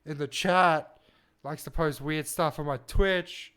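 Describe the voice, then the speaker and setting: A slightly high-voiced man in a laid-back chat on a gaming podcast call. He laughs easily and often. He drops casual swears as he talks. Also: steady tone, takes it slowly, fairly bright tone, smooth. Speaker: podcast co-host and streamer.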